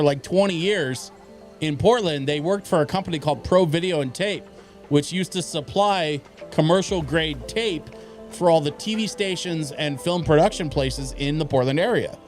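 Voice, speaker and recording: A man with a slightly high voice tells a long, rambling story while he plays a game on stream. He keeps restarting his sentences and filling gaps with "like" and "you know". Soft music plays faintly underneath. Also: moderate pace. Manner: rambling, many restarts and fillers. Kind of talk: casual storytelling while gaming.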